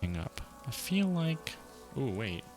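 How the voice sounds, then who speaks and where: A man streaming a video game, reading its narration aloud and reacting with quick casual asides. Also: medium pitch, very animated. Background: game music.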